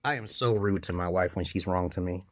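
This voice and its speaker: A man ranting in a commentary vlog, profane and heated, jumping from shouted outbursts to low mutters. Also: fairly quick. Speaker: vlogger giving dating advice.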